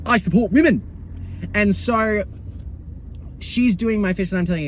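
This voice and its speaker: A man's voice: sits high, moderate pace, slight background noise. A young man telling a dramatic, sassy video-diary story, swearing and swinging into exasperated outbursts. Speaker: vlogger.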